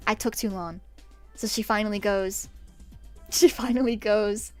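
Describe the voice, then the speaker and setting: A woman's voice: mid-range voice, fairly even intonation, a little slow, darkish tone, faint music behind. A young woman streamer telling a story in a chatty, self-mocking way, laughing often. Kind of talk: casual storytime while drawing.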